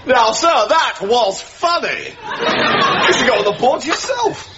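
An actor playing a naive, gushing young officer in a sitcom before a studio audience. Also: male voice, very high voice, animated, measured pace, lo-fi sound, over a noisy crowd, heavy background noise. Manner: gushing upper-class enthusiasm.

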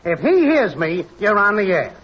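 A man's voice: high-pitched, sing-song, normal speed. An actor playing a brash, stubborn male network technician in 1940s radio comedy, wisecracking and calling out in a singsong. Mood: cocky. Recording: dull old radio broadcast recording.

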